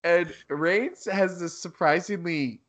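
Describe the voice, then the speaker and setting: His voice sits high and has a fairly bright tone, and he speaks slowly. Co-hosting a casual podcast, he rambles and swears plenty, acting out lines in a raised voice and laughing at his own quotes.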